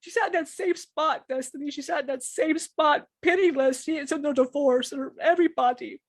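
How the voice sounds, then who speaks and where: A woman channeling a spiritual message, speaking in an emotional, halting way with many restarts and repetitions. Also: high-pitched, dry recording.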